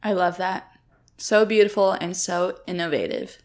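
Warm young woman podcast co-host. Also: fairly low pitch, normal speed. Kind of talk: casual chat.

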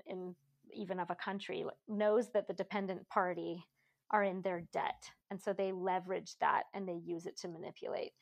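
Gravelly-voiced woman discussing a book. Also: mid-range voice. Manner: thoughtful, many fillers and restarts. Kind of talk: casual literary discussion.

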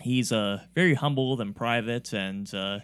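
A man's voice: medium pitch, measured pace, smooth. A man hosting a podcast, chatting casually about comedy in a rambling way, with lots of fillers and restarts. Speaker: podcast host.

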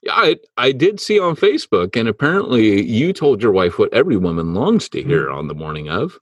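A man with a low, husky voice trades jokes and teasing banter with his co-host on a podcast. His pitch swings lively up and down, and the sound is dry and close. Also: a little fast, no room sound. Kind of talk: casual chat. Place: home under renovation, drywalling.

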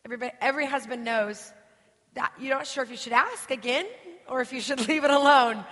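A woman's voice: high voice, brisk, a bit bright. A woman in her thirties from the United States, preaching as a guest and telling a personal story with emotion, often asking the audience questions. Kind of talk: storytelling sermon. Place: church hall. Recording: reverberant church hall.

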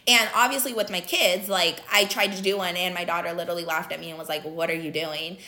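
A young motivational speaker talks earnestly and casually about personal growth, emphatic and full of fillers. Her voice is on the low side, bright and forceful, with a steady tone and a quick pace.

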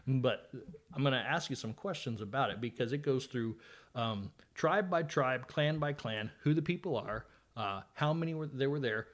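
A man's voice: medium pitch, expressive, moderate pace. A man hosting a podcast, chatting casually about scripture with a guest, conversational and sometimes sarcastic. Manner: conversational, with fillers and dry sarcasm. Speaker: podcast host. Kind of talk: casual Bible study chat.

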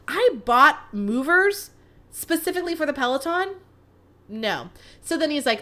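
Bright-voiced young woman telling a story. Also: sits high, moderate pace. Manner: animated, profane, self-mocking. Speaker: podcast host. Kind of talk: casual storytelling monologue.

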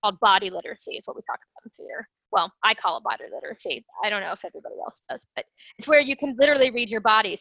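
Bright, dry-sounding woman explaining. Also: medium pitch, dry recording, low-quality recording. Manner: animated, explanatory, acts out inner voices. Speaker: guest, sales development rep. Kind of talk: conversational interview.

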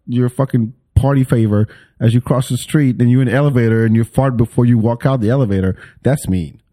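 A man's voice: mid-range voice, quick pace, dark tone. A man hosting a podcast in casual chat, joking and swearing and laughing often. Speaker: podcast host.

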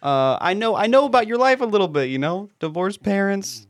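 A man's voice: sits high, lively intonation, fairly quick, dry recording. A young man co-hosting a podcast in casual chat, laid-back and playfully teasing. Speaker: podcast co-host.

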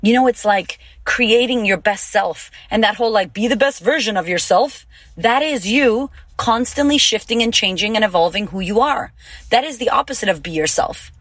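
A woman's voice: on the high side, normal speed, fairly bright tone, no echo. A woman in her thirties hosting a podcast, giving a casual motivational talk in a blunt, emphatic way, swearing freely. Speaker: podcast host and confidence coach.

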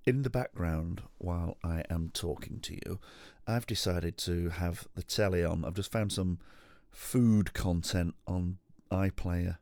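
A man talking alone at home for his podcast, in a fairly low voice. He is candid and rambling and swears often. The sound is dry and close, with no room around it. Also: a little slow, hardly any pauses, a little mellow, no echo. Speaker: podcast host. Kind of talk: solo podcast monologue.

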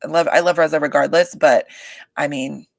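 A woman with a low, gravelly voice talks at normal speed into a desk microphone, with no room sound. Hosting a casual podcast recapping a reality show, she gossips animatedly, swearing a lot and saying "like" and "you guys" constantly.

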